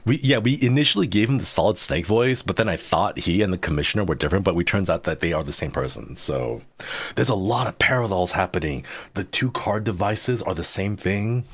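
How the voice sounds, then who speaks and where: A man streaming a story game live, chatting excitedly with his viewers and reacting to the plot. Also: low-pitched, a little fast, slightly rough, no room sound. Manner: excitable and chatty, talks to chat while reading game lines.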